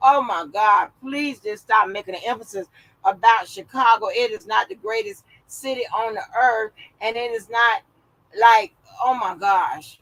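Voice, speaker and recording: A woman with a bright, clear voice hosts a live stream. She gives blunt, profane commentary in a casual way and reacts to what she reads aloud. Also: on the high side, lively intonation, normal speed, rough recording.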